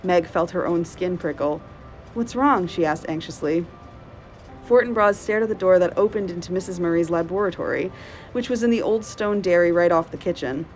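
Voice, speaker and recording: A woman librarian reading a novel aloud in steady, clear narration. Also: lowish voice, a little fast, soft background music, rough recording.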